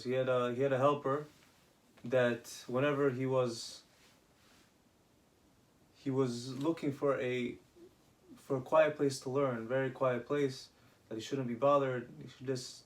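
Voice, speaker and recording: A man casually retelling rabbinic stories, halting, with many restarts and Hebrew terms. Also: medium pitch, flat delivery. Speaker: storyteller.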